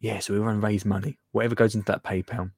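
A man's voice: lowish voice, flat delivery, quick pace, creaky, a little mellow, husky, no echo. Man, from England, live show host, casual rambling chat, mutters asides, dry close sound. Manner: chatty, rambling, laughs often, drops to mutters.

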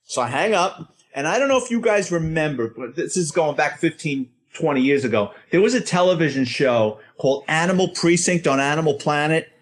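A middle-aged man, a former police officer telling a profane, animated story and acting out the dialogue in a casual talk. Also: fairly high pitch, fairly quick, few pauses. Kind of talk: casual anecdote on a podcast.

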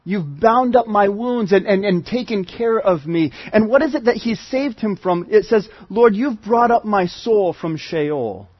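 A pastor with a high, slightly husky voice preaches in a casual, conversational way. He often restarts and repeats words as he goes. The recording is dull and dry. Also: expressive, measured pace, few pauses, no echo. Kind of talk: sermon. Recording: muffled lo-fi sermon recording.

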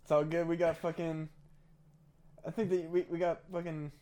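A man's voice: on the high side, little pitch movement, moderate pace, dark tone. A man co-hosting a comedy podcast, talking in a laid-back, sweary way. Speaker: podcast co-host. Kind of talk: casual chat.

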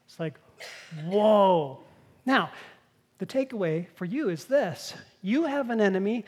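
A pastor giving a conversational sermon, explaining scripture and acting out the scenes. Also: medium pitch. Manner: conversational, explanatory preaching with acted-out quotes.

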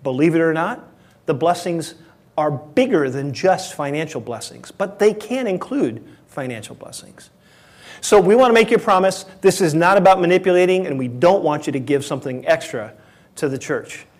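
A man's voice: a little high, animated, normal speed. A man preaching a sermon as pastor, earnest and emphatic, often correcting himself mid-sentence.

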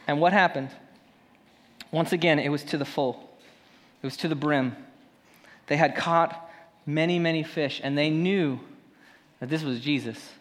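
Preaching man with a high voice. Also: in a large hall. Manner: conversational preaching, swinging from loud emphasis to hushed. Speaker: pastor. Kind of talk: sermon.

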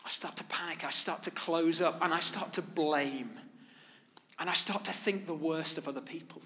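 Male preacher, sermon, emphatic measured phrasing, bright forceful tone, slightly high voice. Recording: long reverb of a large hall.

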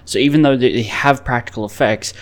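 A man with an Australian accent in casual podcast chat, relaxed and quick to gently correct what others say. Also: mid-range voice.

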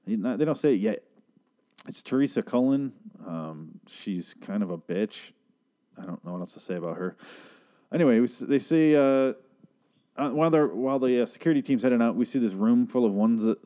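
Low, mellow-voiced man ranting casually. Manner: profane, sarcastic, rambling with restarts. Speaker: podcast host recapping a TV episode. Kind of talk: casual rambling recap.

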